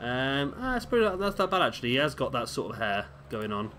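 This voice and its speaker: Delivering casual play-by-play, this male commentator talks a little fast in a mid-range, slightly bright voice, very animated. He's chatty and musing, rambles and second-guesses himself, and a faint hiss runs behind him.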